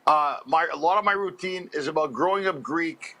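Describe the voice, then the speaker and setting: A comedian from Montreal phones in and tells animated, rambling stories with frequent laughs. His voice sits high and sounds bright and forceful. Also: normal speed. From Montreal, Canada. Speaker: stand-up comedian, phone-in guest. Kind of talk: casual storytelling chat.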